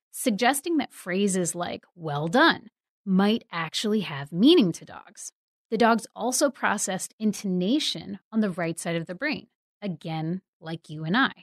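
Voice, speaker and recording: Woman guest editor, mid pitch, clear explainer, dry studio sound. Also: a little mellow, no echo. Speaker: news site editor. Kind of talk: explaining science news.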